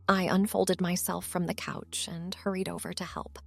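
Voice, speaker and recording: A woman telling a first-person story in a soft, intimate narrating manner. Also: on the low side, normal speed, gravelly, few pauses, breathy edge, no room sound, soft background music.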